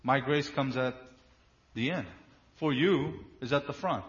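A man delivers a sermon in a mid-range voice. He stresses key words emphatically, drawing them out slowly, and keeps turning to rhetorical questions. The recording sounds slightly dull and muffled. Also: medium pitch. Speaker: preacher.

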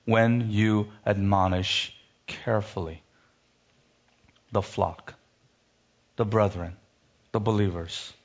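A man preaching a sermon, reading scripture and rising sharply in pitch when he rebukes, then dropping low for emphasis. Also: fairly even intonation, slow pace, pauses often, highs cut off.

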